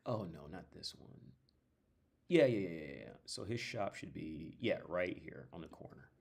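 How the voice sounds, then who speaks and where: Low-voiced rambling man livestreaming. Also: lively intonation, normal speed, vocal fry, breathy edge. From North America. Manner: rambling, digressive storytelling with frequent restarts; profane, blunt asides. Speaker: livestream host. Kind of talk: casual chat.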